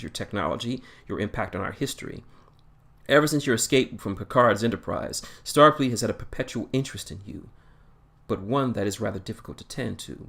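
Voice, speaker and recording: A calm starship captain from a read-aloud story, measured and quietly pressing. A man voices him low and even, close to his own voice. He never hurries his questions. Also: gravelly.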